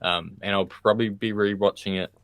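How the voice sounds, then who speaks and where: A man's voice: lowish voice, fairly even intonation, fairly quick, fairly bright tone, no echo. A man co-hosting a movie podcast in casual chat, laid-back, swearing freely and laughing often. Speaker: podcast co-host.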